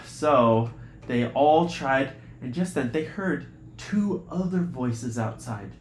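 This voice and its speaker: A man telling an improvised bedtime adventure story to children, jumping into voices for the characters. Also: slow pace. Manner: animated, jumps into high voices for characters. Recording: echoey room, faint hiss.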